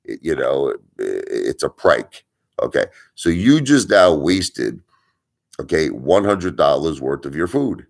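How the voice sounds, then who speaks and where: A middle-aged man with an extremely low, rumbling voice, hosting a live stream. He rants and tells stories bluntly, repeating his points for emphasis and swearing casually. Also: very animated, slow, vocal fry. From Brooklyn, New York. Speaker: livestream host. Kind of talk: ranting storytelling live stream.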